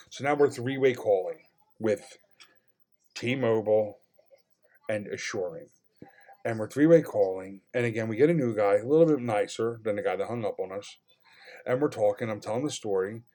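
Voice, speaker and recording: A man vents about a maddening run-in with customer service, telling it casually and with lots of energy. His language is full of swearing, and he lurches from quiet grumbling to loud outbursts.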